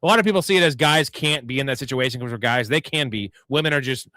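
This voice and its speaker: A man's voice: mid-range voice, fast, pushed and bright, dry recording. A man co-hosting a live sports talk show, chatting casually and rambling with profane jokes and laughter. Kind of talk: casual chat.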